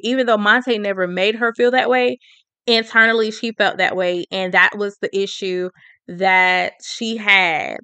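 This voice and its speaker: A woman's voice: mid-range voice, pushed and bright, clear, resonant tone, no room sound, dull audio. A woman casually recapping a TV show, chatty, retelling scenes with quoted dialogue.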